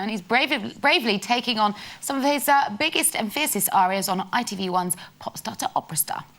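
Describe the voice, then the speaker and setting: Woman talk-show presenter, fairly high voice, faint studio audience behind. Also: fairly bright tone. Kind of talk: presenting and interviewing.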